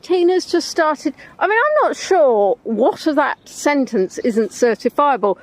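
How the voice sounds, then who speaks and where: Woman, English accent, casual live-stream chat, rambling, lots of ums, a touch high-pitched. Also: very animated, a little slow, no echo. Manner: chatty, rambling, answers viewers, many "um"s. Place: outdoors on a riverside walk.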